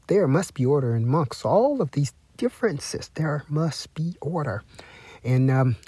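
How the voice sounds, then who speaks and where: A man hosting a talk broadcast, lecturing slowly and repeating himself while he speaks of himself in the third person. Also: on the high side, animated, warm tone, slightly rough, no echo. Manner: deliberate, repetitive, refers to himself in the third person; lecturing, with drawn-out emphasis and spelled-out words. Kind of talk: self-promoting monologue.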